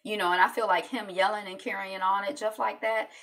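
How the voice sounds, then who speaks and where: Woman, casual recap vlogger, gravelly fry, chatty with lots of fillers, sits back from the mic. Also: mid-range voice, flat delivery, fairly quick, fairly bright tone, recorded from a distance. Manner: chatty, many fillers, acts out quotes.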